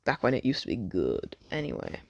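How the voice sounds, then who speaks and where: A man's voice: on the low side, wildly swooping pitch, brisk, gravelly, a little hiss or hum. A man rambling through a fan story, swearing a lot, cutting himself off and joking about it. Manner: rambling, sweary, self-interrupting, jokey.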